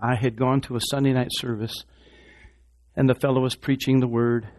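A pastor preaching a sermon, moving from quiet, low talk to loud, shouted passages and repeating phrases for emphasis. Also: male voice, level tone, moderate pace.

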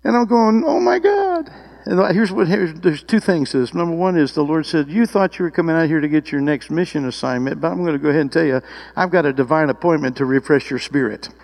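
A man preaching a sermon, telling a personal story with rising emotion and excited exclamations. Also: a little high, fast talker, vocal fry, low-quality recording. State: tearful at times.

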